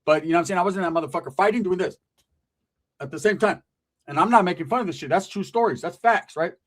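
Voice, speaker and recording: A man tells a profane stand-up story at a rapid clip. His voice sits fairly high, and he jumps into animated voices for the people in it. The delivery is streetwise and loose. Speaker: comedian.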